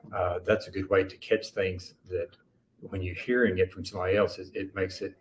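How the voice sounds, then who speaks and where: Deep tennessee guy, slow easy talker, guest author, a bit of background noise. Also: flat delivery. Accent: Middle Tennessee. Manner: slow, easygoing, hesitant. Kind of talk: casual interview chat.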